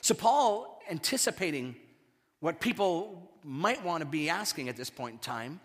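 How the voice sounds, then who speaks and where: A man preaching a sermon, animated and repeating words as he builds his points. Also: a little high, measured pace, long reverb tail. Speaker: pastor.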